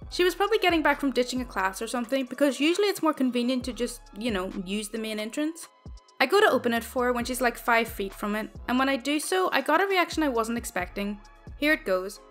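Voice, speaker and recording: A woman's voice: high voice, fairly bright tone. A woman reading reddit stories aloud in a wry, conversational way. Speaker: reddit story narrator.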